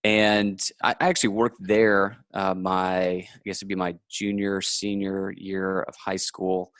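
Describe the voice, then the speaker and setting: Male podcast guest, low and dry-sounding, methodical and good-humored. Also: unhurried, dry recording. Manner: explanatory, steady, laughs easily. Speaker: guest, finance author. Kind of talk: conversational interview answers.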